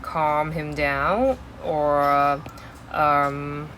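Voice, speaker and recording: Slow-talking woman teaching English. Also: deep voice, little pitch movement, fairly bright tone, a little hiss or hum, low-quality recording. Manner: explains slowly with many fillers and restarts. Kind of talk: exam-prep lesson.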